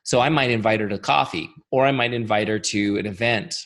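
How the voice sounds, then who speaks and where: A man with a tired, fading voice gives an energetic webinar training, chatty and full of rhetorical questions. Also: fairly low pitch, a little fast. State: losing his voice. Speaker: software founder giving a training webinar.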